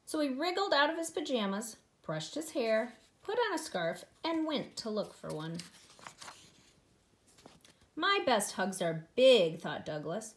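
A woman, a preschool teacher, reading a picture book aloud to young children in an expressive, sing-song way. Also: on the high side, moderate pace, few pauses.

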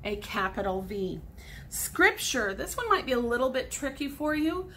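A woman's voice: fairly high pitch, big pitch swings, normal speed, fairly bright tone, a little hiss or hum. A woman in her forties, a sixth grade teacher, patiently explaining grammar step by step in a recorded lesson for students at home.

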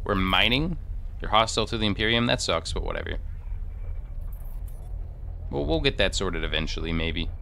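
A man's voice: low voice, big pitch swings, moderate pace, creaky, long pauses, pushed and bright, a little hiss or hum. A young man streaming a video game, thinking aloud and rambling through menus in casual commentary into a desk microphone.

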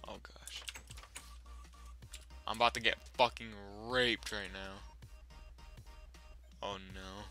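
A young man casually commenting over his own gameplay, swearing freely and breaking into loud yelling when things go wrong. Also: mid-range voice, steady tone, a little slow, pauses often, soft background music. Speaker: gaming channel host.

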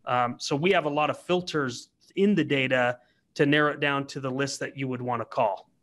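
A man's voice: medium pitch, brisk, fairly bright tone. A man hosting a webinar, friendly and explanatory in casual chat.

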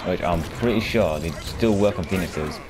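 A man giving casual, rambling commentary over his own gameplay, swearing often and breaking into loud shouts and laughter. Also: low voice, normal speed, noisy background. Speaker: gaming video creator.

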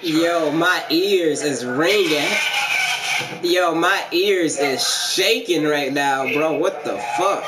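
A man's voice: fairly high pitch, slow. A man trash-talking his teammates and opponents in a casual, profane way while playing an online basketball game. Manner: profane, mocking trash talk. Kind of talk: casual gaming commentary with trash talk. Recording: loud background noise.

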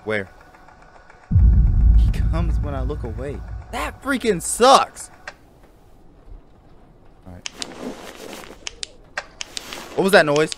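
A man's voice: a little high, huge pitch swings, drawn-out words, pauses often, background noise. A man commenting nervously while playing a horror game, reacting with jumpy outbursts over the game's music. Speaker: gaming YouTuber. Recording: loud game music behind.

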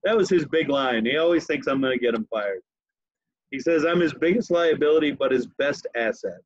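Husky man telling a story, lo-fi. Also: mid-range voice, a little fast, dry recording. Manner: animated, laughs while telling stories. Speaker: podcast host. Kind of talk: casual storytelling chat.

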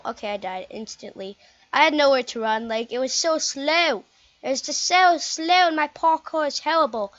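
A young woman giving excitable, chatty commentary while playing a game. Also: high voice, normal speed. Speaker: gameplay commentator. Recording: dull lo-fi home mic.

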